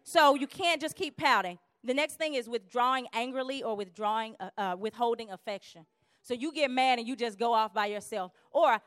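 A woman giving a lively church teaching on conflict, acting out quarrels in quick voices. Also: on the high side, no room sound, studio quality.

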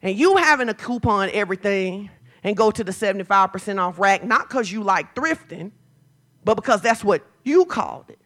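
A woman pastor preaching a sermon, moving from chatty storytelling to loud, fervent declarations. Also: medium pitch, lively intonation, normal speed.

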